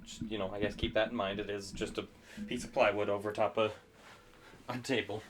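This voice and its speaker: A man's voice: on the low side, flat delivery, fairly quick, slight background noise. A man narrating as game master of a tabletop game, hesitant with many fillers.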